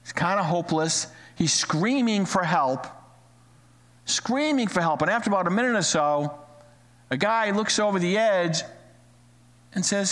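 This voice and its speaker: A male pastor preaching a sermon to a live-streamed congregation, animated and repeating phrases for emphasis. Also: high-pitched, normal speed. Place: church sanctuary, live-streamed. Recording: long hall reverb.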